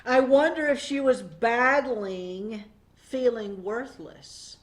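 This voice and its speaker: A woman teaching a weekly Bible devotion in a conversational, animated way, often pausing on fillers. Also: fairly high pitch.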